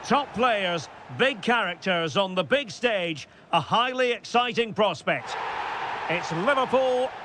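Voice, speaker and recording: A man playing a seasoned football commentator in a video game, a polished broadcaster who calls the action and rises to loud, excited calls. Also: high voice, takes it slowly. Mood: hyped build-up. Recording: game audio under loud background noise.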